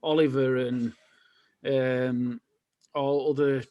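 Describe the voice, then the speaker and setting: A man, co-hosting a podcast, talking in a casual, halting way. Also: mid-range voice, flat delivery, muffled recording. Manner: hesitant, halting. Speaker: podcast co-host. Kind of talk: casual chat.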